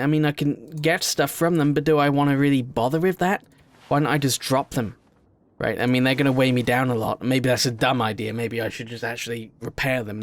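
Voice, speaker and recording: A young man giving casual let's-play commentary on a game, rambling, excitable, sometimes shouting and swearing at what happens. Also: medium pitch. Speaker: gaming video host.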